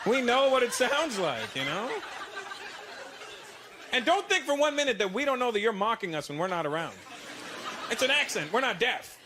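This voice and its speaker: Brash Canadian stand-up comic. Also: male voice, very high-pitched, normal speed, pauses often, crowd noise. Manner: brash, animated, mock-confidential. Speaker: stand-up comedian. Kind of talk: stand-up comedy routine. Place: stage before a live audience. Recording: loud noisy live stage recording.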